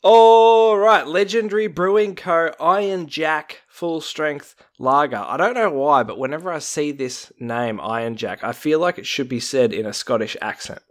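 A man's voice: on the high side, moderate pace, few pauses, fairly bright tone. A young Australian man co-hosting a casual podcast, wryly reading out researched stories with jokes mixed in. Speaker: podcast co-host.

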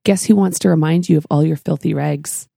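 A woman in a casual faith chat with a strongly gravelly, husky voice. She jumps in eagerly and agrees often. The recording is close and dry. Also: sits low, fairly quick, dark tone, no echo. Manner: enthusiastic, chimes in often. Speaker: podcast co-host.

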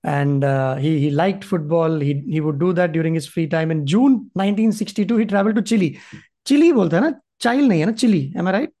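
A man's voice: on the high side, very fast, mellow. A man with a Maharashtrian Indian English accent co-hosting a casual chat, slipping into Hindi. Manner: chatty, switches into Hindi. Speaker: podcast co-host.

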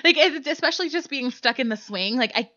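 A woman's voice: high voice, expressive, a little fast, sharp tone, no echo. A woman co-hosting a comedic podcast, telling a story casually with lots of "like" and laughter. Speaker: podcast co-host. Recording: dull lo-fi dry sound.

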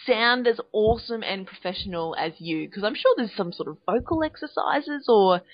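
A woman's voice: mid-range voice, lively intonation, moderate pace, dry recording. Enthusiastic woman podcast host, playful, lo-fi sound. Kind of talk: conversational interview.

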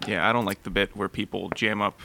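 A man's voice: lowish voice, little pitch movement, fast, creaky, sharp tone, slight background noise. A man who co-hosts a radio show, chatting casually with short, laid-back replies and some swearing. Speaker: show regular, co-host.

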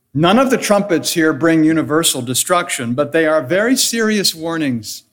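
A pastor delivering a solemn, measured sermon, leaning on deliberate repetition for emphasis. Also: male voice, on the high side, fairly bright tone.

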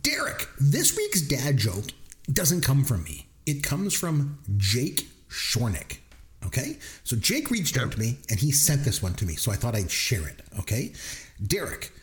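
A man hosting a casual podcast, telling stories with lots of animation. His pitch swings widely from phrase to phrase. He talks like he's catching up with a friend. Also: unhurried. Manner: animated storyteller, puts on voices when retelling. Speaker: podcast co-host.

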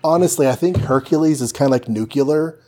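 A man's voice: mid-range voice, brisk, mellow, faint music behind. A man co-hosting a podcast, chatting casually and summarizing an old comic, with lots of "like". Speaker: podcast co-host.

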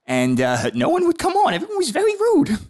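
A man's voice: very high voice, huge pitch swings, fairly quick, a little mellow, heavily acted. A man voicing a clueless, goofy male podcast regular in a comedy podcast, with a silly delivery. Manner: wildly swooping, silly delivery.

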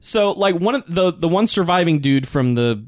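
A man casually recapping a movie with friends, laughing often and acting out the characters in quick voices. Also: fairly high pitch, lively intonation, dry recording, clean studio sound. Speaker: podcast co-host recapping a movie. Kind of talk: casual chat.

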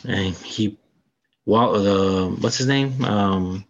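A man co-hosting a casual podcast, excitedly recounting a film's plot and acting out the characters' lines. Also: fairly low pitch, extremely slow, highs cut off. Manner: animated retelling, acts out character lines. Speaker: podcast co-host. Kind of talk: casual film review chat.

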